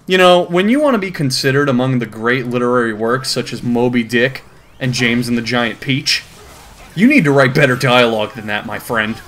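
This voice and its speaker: A man's voice: mid-range voice, normal speed. A young man hosting a comedic video, reading a comic aloud with sarcastic commentary and frequent laughter. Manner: sarcastic, laughs often, lively. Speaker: host.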